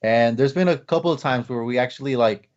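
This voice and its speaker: A man's voice: mid-range voice, a little fast. A man hosting a podcast, telling a long story in casual chat, rambling with lots of fillers. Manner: rambling, many fillers, acts out quotes. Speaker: podcast host. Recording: slightly dull lo-fi podcast audio.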